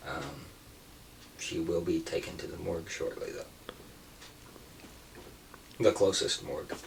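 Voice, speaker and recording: A man's voice: sits low, fairly even intonation, creaky, far from the mic, slight background noise, poor audio. A man playing a somber small-town cop. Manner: hesitant, halting delivery with many ums. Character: somber male small-town police officer.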